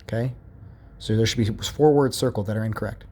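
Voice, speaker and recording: A man's voice: lowish voice, a little fast, warm tone. A young male teacher walking children through a worksheet in a recorded remote lesson, patient and step by step, with many checks like "all right" and "okay".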